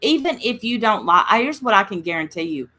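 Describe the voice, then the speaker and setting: A chatty woman hosting a casual livestream. Her voice is bright and forward. She tells rambling stories and talks straight to the people in her chat. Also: medium pitch, animated, brisk. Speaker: livestream host.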